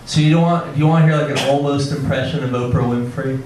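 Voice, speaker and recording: A man doing a stand-up set, awkward and self-deprecating, halting with frequent ums. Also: medium pitch, steady tone, darkish tone, a little hiss or hum. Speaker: stand-up comedian. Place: comedy club stage. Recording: roomy club sound from a distance with audience. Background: audience laughter.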